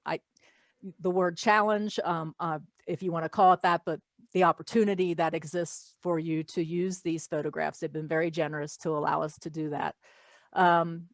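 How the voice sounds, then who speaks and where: A woman with a lowish voice hosts an art podcast, chatting casually and offering friendly tips to listeners as she wraps up. The recording is dry.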